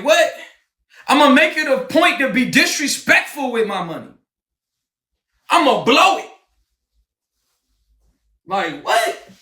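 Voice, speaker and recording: A man in a heated, confrontational livestream rant, often shouting. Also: very high voice, recorded from a distance. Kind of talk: ranting livestream monologue. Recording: roomy, off-mic sound.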